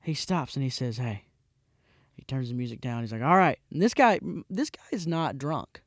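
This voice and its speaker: A man in his twenties, a podcast host, telling a casual rambling story with frequent restarts and animated voices for the people in it. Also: mid-range voice, moderate pace, dry recording, studio quality. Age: 20s.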